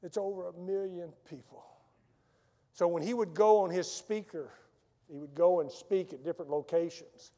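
A man delivers a sermon in a fairly high voice, telling stories with dramatic swings between loud emphasis and hushed quiet lines. His words ring out through a large church with a long, trailing reverb. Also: fairly even intonation, moderate pace. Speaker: missionary preacher. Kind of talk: sermon with personal storytelling.

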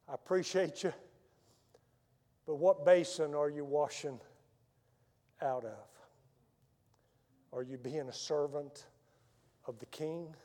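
Male missionary preacher, fairly high voice, dramatic storyteller, large church hall with long echo. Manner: dramatic storyteller, swinging from loud emphasis to hushed soft lines. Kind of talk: sermon with personal storytelling.

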